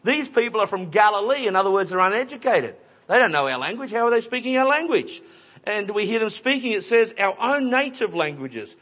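A man preaching a sermon in a conversational, animated storytelling way with playful voices. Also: high voice, brisk. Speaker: pastor. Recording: dull lo-fi recording.

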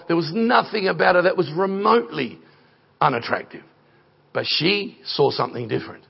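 A man's voice: a little high, gravelly, husky, muffled recording. A middle-aged man preaching a sermon, telling stories in a conversational way that builds to emphatic points. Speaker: guest preacher. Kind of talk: sermon with storytelling.

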